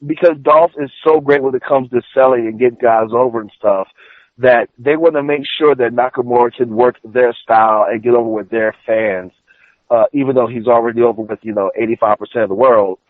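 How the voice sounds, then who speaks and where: On a podcast panel, a man offers rambling opinions packed with filler in casual chat. His voice is medium-pitched and brisk, captured on a dry, phone-like line.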